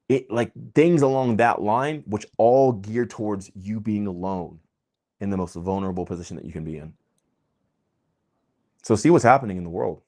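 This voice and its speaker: A man with a very low voice lectures his viewers in a fired-up, preachy monologue. He pushes hard on key words, jumps to loud bursts, then drops to near-quiet asides. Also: moderate pace. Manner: emphatic, preachy, swings between loud and quiet. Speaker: vlogger host. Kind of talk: impassioned monologue.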